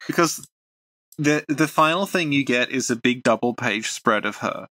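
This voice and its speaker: A man's voice: mid-range voice, animated, moderate pace, bright, forceful tone, dry recording. A man co-hosting a casual podcast about game lore, talking in a hesitant way with lots of fillers and restarts. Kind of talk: casual chat.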